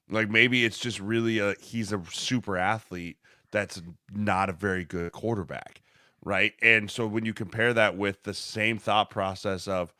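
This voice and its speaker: A man's voice: fairly low pitch, moderate pace, pushed and bright, no echo, clean studio sound. A man co-hosting a football podcast, explaining his view with sarcastic mock quotes. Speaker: podcast co-host, former lineman. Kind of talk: casual sports talk.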